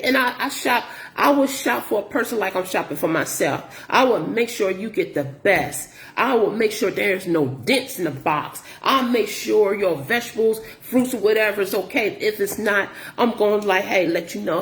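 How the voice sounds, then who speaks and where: A woman's voice: medium pitch, normal speed, hardly any pauses, reverberant. A middle-aged woman, a grocery delivery shopper telling stories in a casual vlog, repeating herself as she vents about rude customers. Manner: animated, repetitive, exasperated retelling.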